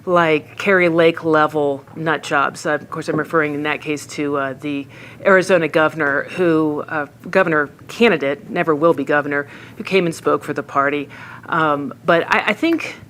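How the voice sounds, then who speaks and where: A woman's voice: low voice, normal speed. Sarcastic woman commentator, faint hiss. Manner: sarcastic, deadpan. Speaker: political commentator. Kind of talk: panel discussion.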